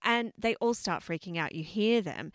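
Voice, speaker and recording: A woman co-hosting a podcast, chatting casually and telling stories with excitement, laughing often. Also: medium pitch, normal speed, no echo. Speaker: podcast co-host. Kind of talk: casual chat.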